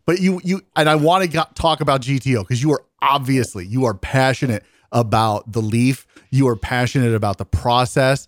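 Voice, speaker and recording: A man's voice: medium pitch, moderate pace, few pauses, dry recording, clean studio sound. A man co-hosting a casual cigar podcast, talking in a loose, profane way with frequent stumbles and repeated words. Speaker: podcast co-host.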